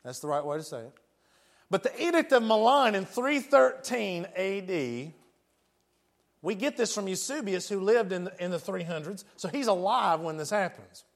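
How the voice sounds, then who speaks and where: A man's voice: sits high, animated, moderate pace, gravelly. A man with a West Tennessee accent preaching a sermon in a folksy, joking way, laughing often.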